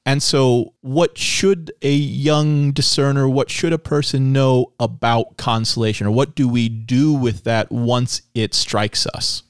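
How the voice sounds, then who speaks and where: A man hosting a casual faith discussion, earnest and self-deprecating, getting animated when he quotes his own thoughts. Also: medium pitch, unhurried, hardly any pauses, clear, resonant tone, no echo, studio quality. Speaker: podcast host.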